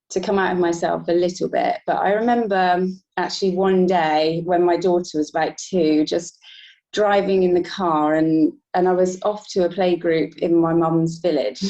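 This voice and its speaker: A woman guest telling a personal story in a relaxed interview, often laughing lightly between thoughts. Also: fairly low pitch. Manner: reflective, laughs between thoughts, many restarts. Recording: dull lo-fi sound.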